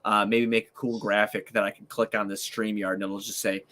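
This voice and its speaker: A man's voice: lowish voice, flat delivery, fairly quick, pushed and bright. A man hosting a casual sports podcast, ranting angrily and swearing constantly. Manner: profane, angry ranting. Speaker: podcast host.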